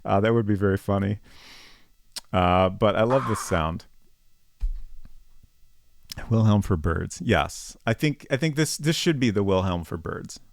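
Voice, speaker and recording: A man with a low, gravelly voice chats his way through a text adventure on stream. His pitch moves a lot as he thinks aloud, and the recording is close and dry. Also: measured pace, pauses often, no room sound. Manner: chatty, thinks aloud, reads game text. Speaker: game streamer. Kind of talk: casual live-stream commentary.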